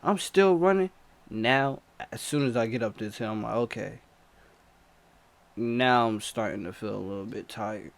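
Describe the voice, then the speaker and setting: A man's voice: on the low side, steady tone, moderate pace, vocal fry, hardly any pauses, a bit bright. A man animatedly retelling a personal chase story in a slangy, repetitive, breathless way. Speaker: storyteller vlogger.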